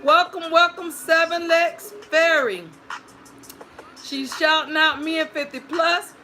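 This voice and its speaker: A woman's voice: very high-pitched, slow pace, faint music behind. A woman hosting a livestream storytime, greeting viewers by name and reading their chat messages aloud. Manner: greets viewers warmly by screen name, playful and sing-song.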